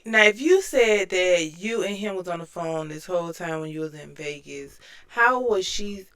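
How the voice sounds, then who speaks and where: A woman's voice: medium pitch, a bit bright. A woman commentary host reacting to a clip, reasoning it out step by step in disbelief.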